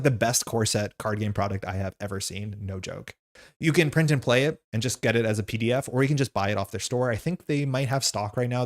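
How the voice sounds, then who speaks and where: A young man chatting casually on a livestream, reading chat questions aloud and rambling with lots of "like". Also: mid-range voice. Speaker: streamer host reading chat.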